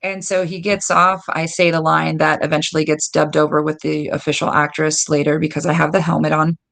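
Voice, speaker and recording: A woman guest telling lively stories in a casual interview, acting out quoted dialogue. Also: low voice. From United States. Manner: animated, lots of "like" and quoted dialogue. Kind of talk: casual storytelling.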